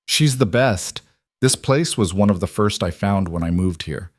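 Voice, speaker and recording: A man playing a calm mafia boss who talks with easy confidence and dry amusement. His voice is low and the recording is close and dry, read as part of a romance audiobook. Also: moderate pace, no echo. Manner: calm, assured, dryly amused. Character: calm charming mafia boss, patient and assured. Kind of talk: audiobook character voice.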